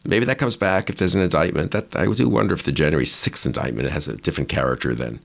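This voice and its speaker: Male interview host, very low and gravelly, rambling and musing in casual conversation. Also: fast talker. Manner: musing, rambling, with restarts and asides.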